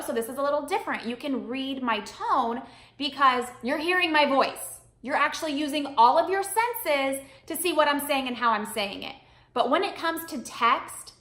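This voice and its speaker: An upbeat, emphatic woman talks straight to camera, giving media advice in a chatty vlog. Her voice sits high and bright, and the room adds a noticeable echo around her. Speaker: media coach and vlogger.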